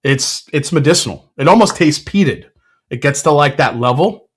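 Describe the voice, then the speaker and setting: Excitable male whiskey reviewer. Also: on the high side, normal speed, husky. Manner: excitable, blurts sports trash talk; frequent fillers and self-corrections. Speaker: whiskey reviewer, show host. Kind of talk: casual tasting chat.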